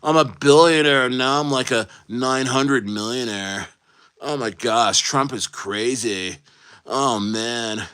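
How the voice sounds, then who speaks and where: A man's voice: mid-range voice, slow, a bit bright, clear, resonant tone. Man doing a whiny rich guy moaning about losses. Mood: mock dismay. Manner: mocking, exaggerated whining.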